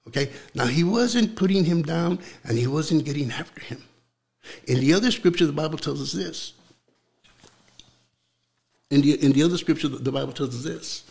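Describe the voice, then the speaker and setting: Man, young adult, gravelly voice, slightly high, fervent preaching, stammered repeats, hushed prayers. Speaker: interview guest preaching.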